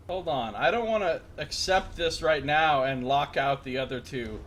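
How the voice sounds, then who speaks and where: A man's voice: on the high side, normal speed, few pauses, a little hiss or hum. Jokey man streaming a game. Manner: jokey, rambling, loud outbursts. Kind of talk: casual gameplay commentary.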